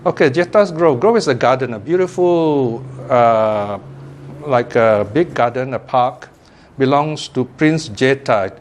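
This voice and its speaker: A man's voice: mid-range voice, expressive, measured pace, slight background noise. Chatty man giving a Dharma talk. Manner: chatty, laughs often, lots of "you know". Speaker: Buddhist teacher.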